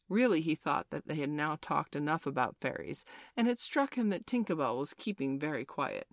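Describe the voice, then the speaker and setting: A woman reads a children's story aloud with gentle, expressive storytelling. Her voice sits on the lower side but moves through a wide, lively range. The sound is dry and close. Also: moderate pace, hardly any pauses, no room sound. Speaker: narrator.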